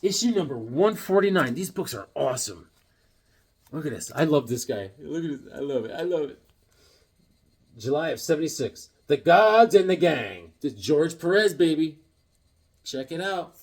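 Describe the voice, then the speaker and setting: Husky, excitable comic collector guy. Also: fairly high pitch, moderate pace, long pauses. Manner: jokey, excitable, with sudden loud exclamations. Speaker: comic book collector showing his books. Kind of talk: casual show-and-tell vlog.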